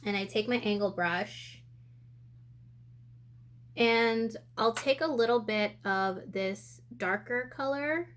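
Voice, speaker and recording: A woman's voice: a little high, slow, long pauses. A woman giving a casual makeup tutorial, chatting and thinking aloud as she works, a little out of breath. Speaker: beauty vlogger. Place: indoor room with sunlight coming in.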